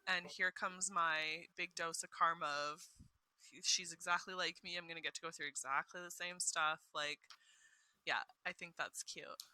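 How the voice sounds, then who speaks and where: A woman's voice: lowish voice, steady tone, normal speed, bright, forceful tone. A woman who is a mother, chatting casually and reflecting as she agrees with her co-host. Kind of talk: casual chat.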